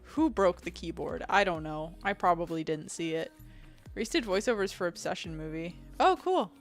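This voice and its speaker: A woman game streamer with a fairly deep voice, chatting casually with her live audience. She reads out chat messages, answers them and laughs often. Faint music plays behind her. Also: lively intonation, normal speed. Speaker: game streamer and video editor.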